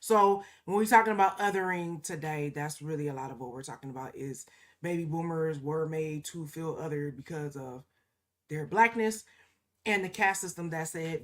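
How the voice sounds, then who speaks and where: Speaking at a moderate pace in a low-sitting voice, this podcast co-host keeps the conversation casual and emphatic. She frequently punctuates points with "okay?" and drops into mocking quoted asides.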